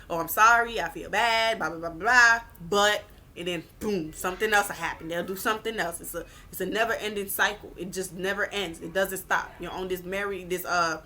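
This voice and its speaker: A woman's voice: mid-range voice, slight background noise. A woman vlogger giving blunt relationship advice in a casual rant, swearing and repeating her points for emphasis. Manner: animated, acts out quoted people.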